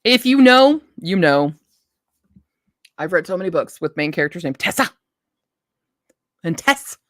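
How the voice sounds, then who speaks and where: Woman doing a casual live book stream, kinda low voice, talks as she thinks, dry sound. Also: sing-song, a bit bright, no echo. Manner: chatty, thinking aloud, reading blurbs with quick asides; self-interrupting, frequent restarts.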